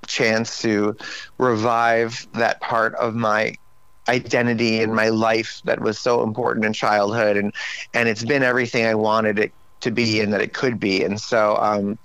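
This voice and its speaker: A man's voice: fairly low pitch, a little slow, clear, resonant tone, no echo, low-quality recording. A man in his forties, his voice tired and slightly strained, chatting casually in an interview and acting out his own frustrated outbursts. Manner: animated, acts out his own outbursts in raised voice. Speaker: guest.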